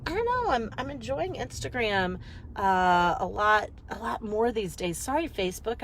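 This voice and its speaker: A woman business coach chatting casually on a live video, rambling and energetic, talking into a phone while driving. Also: mid-range voice, a little hiss or hum, low-quality recording.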